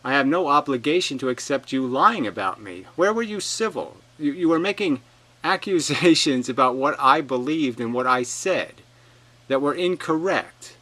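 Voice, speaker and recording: A man's voice: mid-range voice, animated, moderate pace, pushed and bright, rough recording. A man giving a combative, profane rebuttal monologue, reading out an opponent's comments and firing back with sarcasm. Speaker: video commentator.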